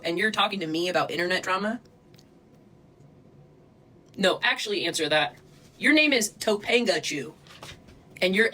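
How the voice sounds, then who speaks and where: A woman's voice: medium pitch, sharp tone, low-quality recording. A woman streaming live from her phone, ranting angrily and swearing as she confronts people in her chat. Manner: angry, profane, confrontational. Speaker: livestreamer. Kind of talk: livestream rant.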